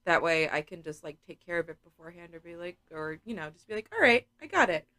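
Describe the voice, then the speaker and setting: A sleepy woman co-hosting a casual podcast, relaxed and drowsy, with lots of filler words. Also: low-pitched, fast, no room sound, clean studio sound. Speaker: co-host.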